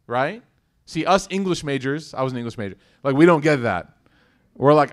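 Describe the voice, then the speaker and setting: At medium pitch and a normal speed, an Islamic lecturer gives a religious lecture in a loose, lively manner. He regularly asks his audience rhetorical questions and adds bits of humor.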